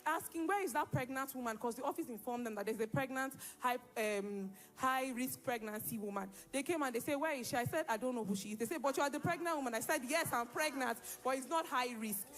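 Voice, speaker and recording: A young woman gives a spoken church testimony, telling her story in a lively way and acting out the lines of the people in it. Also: sits high, fairly quick, hardly any pauses, soft background music. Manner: lively storytelling, acts out quoted dialogue. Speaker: church member giving testimony.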